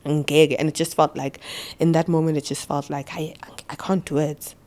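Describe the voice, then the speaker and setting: A young woman with a South African accent recounts her story in a low, grounded voice. She halts and stammers, repeats words, and drifts between English and isiZulu mid-sentence. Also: flat delivery, mellow. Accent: South African, mixing isiZulu and English. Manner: halting, stammering repetitions. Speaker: podcast guest. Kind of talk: personal storytelling interview.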